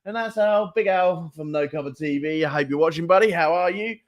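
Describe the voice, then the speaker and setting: A man's voice: on the high side, fairly quick. A male host opens a live interview show with easy, chatty energy. He talks in a slightly raised voice and laughs freely between questions. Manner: chatty and upbeat, laughs easily.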